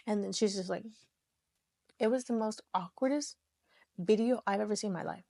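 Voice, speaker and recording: A woman's voice: medium pitch, moderate pace, gravelly, mellow, dry recording. A woman hosting a podcast, retelling a true-crime case in casual chat, rambling with lots of restarts and fillers. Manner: chatty, rambling, full of "like" and restarts. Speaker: podcast host.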